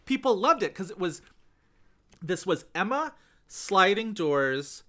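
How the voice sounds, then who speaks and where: A male podcast co-host chatting casually, rambling through asides and fillers. His voice is bright and a touch high. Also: big pitch swings, slow pace. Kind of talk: casual chat.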